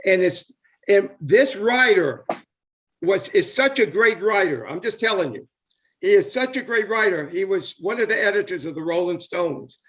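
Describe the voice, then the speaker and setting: Speaking from home on a live video call, a former baseball player turned host rambles through a casual chat in a drawl. His expressive, fairly bright voice sits high for an older man and moves at normal speed. Full of eager enthusiasm, he keeps repeating himself and filling gaps with "uh" and "you know."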